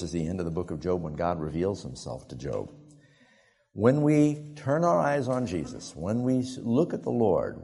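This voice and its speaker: A male preacher telling a story in a sermon, animated and often laughing as he talks. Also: lowish voice, creaky, husky.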